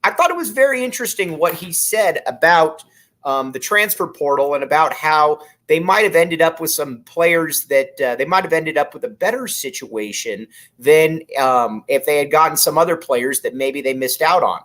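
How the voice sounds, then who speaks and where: Upbeat sports host guy, gets real excited, voice on the higher side. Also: moderate pace. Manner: enthusiastic, animated, jumps in pitch when excited. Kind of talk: excited sports talk with ad reads.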